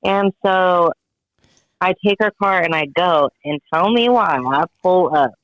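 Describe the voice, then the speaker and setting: A man telling a story in a casual chat, animated and profane, acting out what everyone said. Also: sits high, measured pace, no room sound, dull audio. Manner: animated, profane, dramatic retelling with quoted voices. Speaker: guest friend telling a story.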